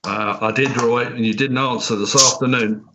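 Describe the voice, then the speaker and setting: A man's voice: medium pitch, fairly even intonation, normal speed, background noise. A laid-back man chatting as a guest on a live stream, teasing and chuckling. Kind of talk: casual live-stream banter.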